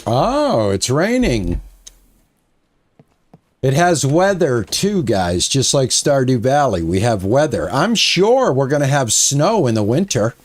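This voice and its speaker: Out of breath, a man streaming a farming game offers casual commentary over his headset mic, musing aloud about his moves. His medium-pitched voice swings widely in pitch, and he talks slowly.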